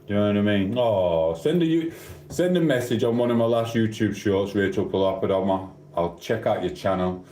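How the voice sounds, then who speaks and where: Low-voiced South Yorkshire man rambling to chat. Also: expressive, moderate pace, mellow. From South Yorkshire, England. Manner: rambling, cheeky, banters with chat. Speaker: livestreamer. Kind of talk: casual live-stream chat reading comments. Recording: echoey room.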